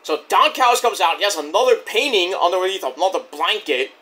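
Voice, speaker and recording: A man casually recaps a wrestling show, swearing and rambling through each segment in a loose play-by-play with frequent restarts. His voice is high-pitched, animated, bright and forceful, a little fast.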